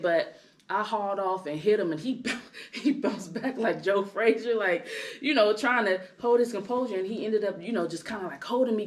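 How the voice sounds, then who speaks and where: A woman in her thirties, a podcast co-host, telling a personal story in casual chat, animated and full of tag questions. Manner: animated, rising loud and high when worked up; tag questions, frequent "right?".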